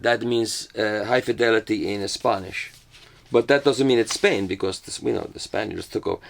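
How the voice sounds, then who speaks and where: A man's voice: lowish voice, expressive, brisk, creaky, fairly bright tone. An older man hosting a casual unboxing, rambling through each item with self-mocking jokes and asides. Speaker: host reviewing a record box set.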